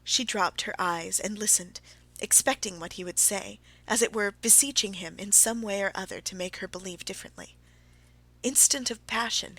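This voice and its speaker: Bright-voiced woman audiobook narrator. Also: medium pitch. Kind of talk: classic novel narration.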